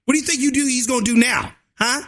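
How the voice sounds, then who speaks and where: A man vlogging a fiery, crude political rant, often shouting and tacking "and so forth" onto his lines. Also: very high-pitched, fast. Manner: crude slang and cursing. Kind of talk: ranting political commentary.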